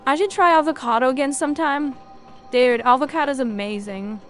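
High-voiced woman streamer rambling. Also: fairly quick, faint music behind. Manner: rambling, jokey, chatting with viewers. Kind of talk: casual gameplay chat.

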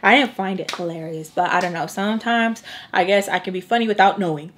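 A woman's voice: medium pitch, a little fast, a little hiss or hum. A young woman, a makeup artist telling a long storytime while she eats, chatty and acting out what others said. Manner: chatty, acts out quoted voices, drops into Spanish slang. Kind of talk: storytime chat while eating.

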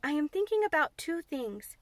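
A woman's voice: high-pitched, sing-song, moderate pace, no room sound, pitched above the performer's own voice. A woman voicing a blunt, curious little girl who tells things earnestly and eagerly.

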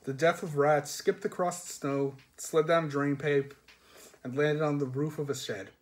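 A man reading a comic fantasy novel aloud with lively narration. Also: on the high side, normal speed. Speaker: reader.

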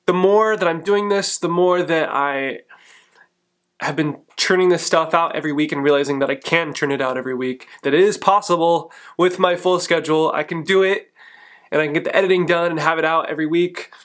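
A man in his thirties casually telling stories to the camera in a chatty, animated way, laughing often. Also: on the high side, a little fast. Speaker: vlogger. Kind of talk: casual vlog storytelling.

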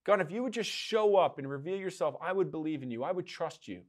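A man preaching a conversational sermon to young adults, animated and informal, full of casual asides. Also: fairly high pitch, quick pace. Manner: animated, casual, frequent "you know, like" asides. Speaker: pastor. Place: online livestream for young adults.

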